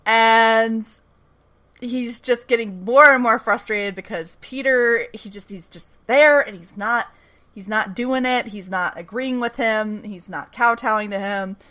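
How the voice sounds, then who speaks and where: Brief: woman podcast host, casual and animated recap, salty language. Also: on the high side, unhurried. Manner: animated storytelling, swears freely, laughs often. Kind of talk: casual chat.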